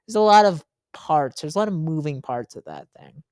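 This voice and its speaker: A man hosting a casual podcast, telling stories in an animated way with frequent ums and likes. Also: fairly high pitch, a little fast, hardly any pauses, dry recording, studio quality. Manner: animated storyteller, frequent fillers. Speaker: podcast host.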